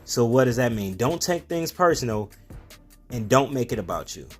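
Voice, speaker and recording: A man's voice: medium pitch, lively intonation, normal speed, faint music behind. A man giving a casual, rambling storytelling monologue as a self-help vlogger, with plenty of fillers and restarts.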